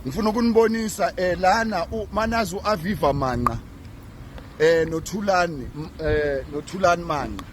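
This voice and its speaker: Man, high-pitched, outdoors, faint street hiss behind, sounds fed up. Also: brisk. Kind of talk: on-the-spot street video. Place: outdoors by a road.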